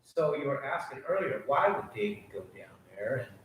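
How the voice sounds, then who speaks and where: A man's voice: medium pitch, big pitch swings, moderate pace, fairly bright tone. Distant man in a very echoey room. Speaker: class participant. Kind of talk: discussion comment.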